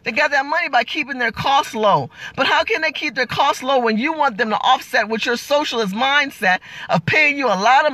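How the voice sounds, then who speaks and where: A middle-aged woman in a fiery political vlog rant, talking bluntly and throwing out rhetorical questions and curses. Her voice sounds bright and ringing, recorded close on a dry mic with no room sound. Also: on the high side, dry recording. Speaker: political commentator.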